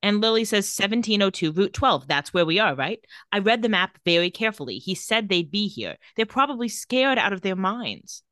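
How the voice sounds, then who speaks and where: Bright-voiced woman recapping a show. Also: medium pitch, no room sound, clean studio sound. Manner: retells scenes quickly, reading out dialogue in a flat voice. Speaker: podcast co-host. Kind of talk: casual recap chat.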